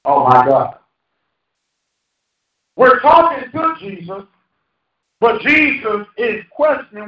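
A high-voiced male pastor preaches in a folksy, joking way and keeps quizzing his congregation. His voice is caught from some distance in a roomy hall, and the sound is dull. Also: wildly swooping pitch, takes it slowly, pauses often. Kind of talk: preaching a sermon. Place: church hall. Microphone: handheld microphone.

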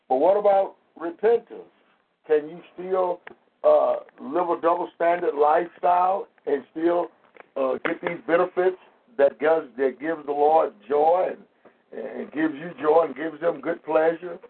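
A man's voice: a little high, measured pace, creaky, slightly rough. A man on a call talking about faith in a preachy way, stammering and repeating his words. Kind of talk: preachy casual chat. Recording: tinny phone line.

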